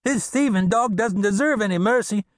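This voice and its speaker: A man doing a hot-headed bounty hunter, high and loud. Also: lively intonation, fairly quick, no echo, clean studio sound. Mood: hostile. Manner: shouting, hostile.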